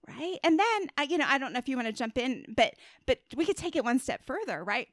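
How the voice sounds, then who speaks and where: A woman's voice: high-pitched, lively intonation, a little fast, hardly any pauses, no echo. A middle-aged woman, a guest author and body image coach, talking in a casual podcast interview in a chatty, earnest way, full of fillers and tag questions.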